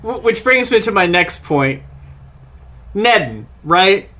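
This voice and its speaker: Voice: medium pitch, lively intonation, takes it slowly, bright, forceful tone. A co-host on a casual album review podcast, giving blunt, dry opinions. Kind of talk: casual comedic review chat.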